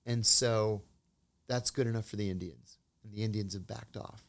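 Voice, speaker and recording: A man with a lowish, creaky voice speaks at a moderate pace and a steady tone as an interview guest, a former intelligence officer. He talks casually and tells anecdotes, sometimes acting out the dialogue of the people in his stories.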